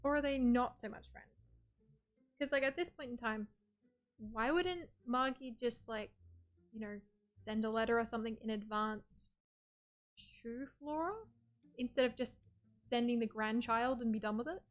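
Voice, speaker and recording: A woman's voice: fairly high pitch, measured pace, pauses often. A young woman streamer giving casual, rambling commentary while playing a story game, chatty and full of "like". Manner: chatty, rambling, with frequent "like" and laughs. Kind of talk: casual let's-play commentary.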